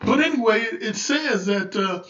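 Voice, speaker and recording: A man giving a rambling spiritual talk on a livestream, stumbling over restarts and building to loud preaching. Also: high voice, lively intonation, normal speed. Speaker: livestream host. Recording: echoey room, distant dull lo-fi mic.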